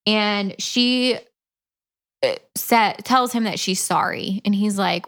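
Slow, dry-spoken woman podcast host. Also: mid-range voice. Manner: dry, deadpan, casually profane. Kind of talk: casual chat, retelling a book plot.

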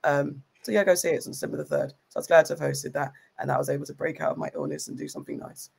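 Gravelly-voiced woman chatting. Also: deep voice, fairly even intonation, very fast, darkish tone. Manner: chatty, rambling with many ums. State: just recovering from illness. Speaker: podcast co-host. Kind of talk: casual chat.

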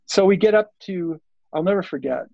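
An older man tells a rambling story as an interview guest, slipping into the voices of the people he quotes. His voice sits a little high, with a gravelly, breathy rasp. The sound is dry and dull, like a lo-fi recording. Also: normal speed, no room sound. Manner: rambling, animated, acts out quoted dialogue. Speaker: interview guest, surf filmmaker. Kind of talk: casual storytelling. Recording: dull lo-fi audio.

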